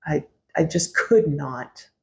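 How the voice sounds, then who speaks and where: A woman's voice: sits low, animated, slow pace, vocal fry. A middle-aged woman hosting a podcast, telling a personal story in a candid, wry way, swearing freely and laughing often. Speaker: podcast host.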